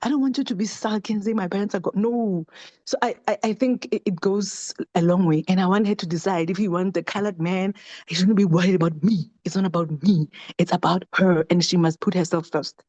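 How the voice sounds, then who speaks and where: A woman's voice: fairly low pitch, fairly even intonation, a little fast, dark tone, dull audio. A middle-aged woman talking passionately at a book club, with many restarts and rhetorical questions. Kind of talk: casual discussion.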